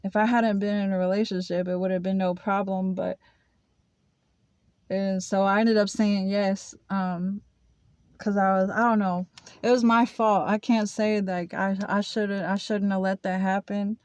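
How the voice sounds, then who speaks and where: A young woman telling a personal story to camera in a halting, confessional way, full of fillers and restarts. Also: medium pitch, little pitch movement, a little mellow, no room sound. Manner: confessional, emotional. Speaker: vlogger. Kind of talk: casual storytelling.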